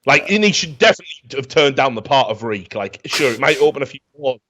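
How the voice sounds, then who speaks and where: A man's voice: mid-range voice, very animated, quick pace, pushed and bright. Profane man ranting comically. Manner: profane, rambling, mocking. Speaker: podcast host. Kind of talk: comedic film rant. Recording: dull lo-fi sound.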